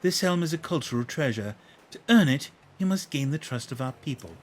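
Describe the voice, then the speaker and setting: A man voicing a young female chief who speaks in a formal, measured way. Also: on the high side, expressive, lightly acted. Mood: regal.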